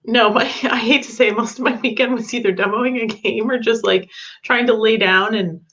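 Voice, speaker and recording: A woman's voice: a little high, steady tone, normal speed, a bit bright. Giggly woman on a dull mic. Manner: giggly, laughs through her stories. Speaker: podcast co-host, game demo runner. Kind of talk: casual chat. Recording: slightly dull lo-fi sound.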